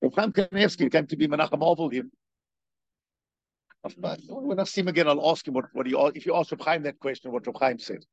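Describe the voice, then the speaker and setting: A man giving a spoken religious lecture, animated, firing rhetorical questions and repeating himself. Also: on the high side, a little fast, no room sound. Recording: dull, dry lo-fi recording.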